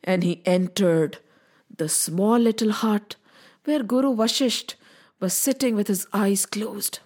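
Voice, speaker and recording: A woman telling a children's story in an animated way, asking listeners questions and adding sound effects. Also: mid-range voice, takes it slowly.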